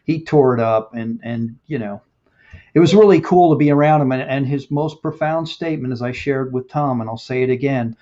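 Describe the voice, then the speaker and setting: A man's voice: medium pitch, normal speed, warm tone. A man hosting a casual live-stream interview, chatting and laughing as he reads viewer comments aloud. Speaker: host. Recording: dull lo-fi stream audio.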